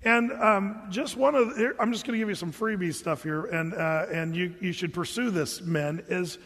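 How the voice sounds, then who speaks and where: A man's voice: sits high, moderate pace, a bit bright. A man preaching a sermon in a humorous, conversational way, with joking asides to the congregation. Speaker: pastor. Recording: long hall reverb.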